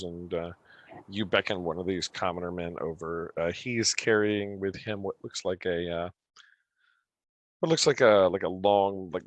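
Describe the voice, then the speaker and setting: A man's voice: sits low, a bit bright, dry recording. A young man narrating a tabletop game as game master, rambling with many fillers.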